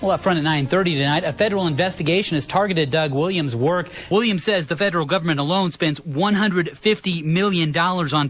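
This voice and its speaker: A man reads a news report in a brisk, formal broadcast delivery. His voice sits slightly high. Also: a bit bright. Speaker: news anchor.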